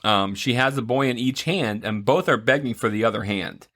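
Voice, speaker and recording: A man's voice: mid-range voice, normal speed, fairly bright tone. A man co-hosting a podcast, casually retelling a film's plot with playful asides. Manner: rambling retelling with playful voices and laughs. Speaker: podcast co-host. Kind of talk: casual movie recap chat.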